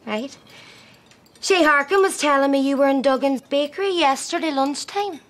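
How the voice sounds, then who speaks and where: A woman's voice: high-pitched, normal speed, natural voice. An actress playing an exasperated, scolding middle-aged mother with a Derry accent in a sitcom. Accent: Derry, Northern Irish. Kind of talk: sitcom acting.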